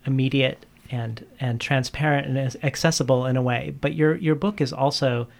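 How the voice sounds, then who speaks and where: A man's voice: mid-range voice, fairly even intonation, normal speed, creaky, darkish tone. A man interviewing an author, asking long questions with frequent hesitations and restarts. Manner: hesitant, with many restarts and fillers.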